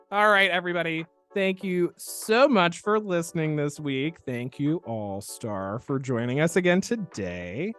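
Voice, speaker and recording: A man hosting a podcast as a chiropractor, telling a story in a playful, animated way and laughing often. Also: a little high, a little slow, clean tone, soft background music. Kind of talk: casual podcast chat and storytelling.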